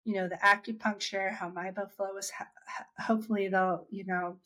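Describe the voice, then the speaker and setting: A woman's voice: mid-range voice, steady tone, normal speed, pushed and bright. Chatty woman telling her story. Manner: chatty, with many restarts and acted-out quotes. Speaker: interviewee sharing her dry eye story. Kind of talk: casual conversational storytelling.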